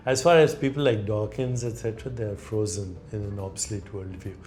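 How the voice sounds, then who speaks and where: An older man with an Indian accent, speaking in a measured, reflective way as a guest, slowing down on key words and telling anecdotes. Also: lowish voice, steady tone, darkish tone, a little hiss or hum. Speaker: guest, spiritual author.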